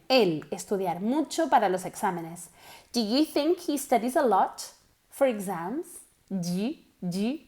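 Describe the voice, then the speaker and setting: A woman's voice: fairly high pitch, a little mellow. Upbeat woman teaching English pronunciation. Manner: encouraging, drills pronunciation slowly and repeats words. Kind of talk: bilingual English lesson.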